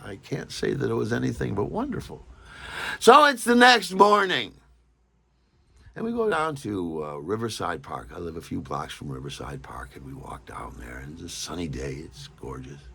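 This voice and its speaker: A man telling a personal anecdote in a rambling, halting way, often repeating his words. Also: low-pitched, very animated, creaky, a bit bright, husky. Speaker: storyteller. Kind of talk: personal anecdote told casually.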